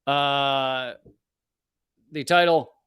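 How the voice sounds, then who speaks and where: A man's voice: medium pitch, steady tone, extremely slow, a bit bright, smooth, no echo. An American man hosting his live show, riffing sarcastically on the news and stumbling into restarts as he jokes. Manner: sarcastic, riffing, mocks pronunciations; frequent restarts and laughs. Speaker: comedian host of a live show. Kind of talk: casual ranting commentary.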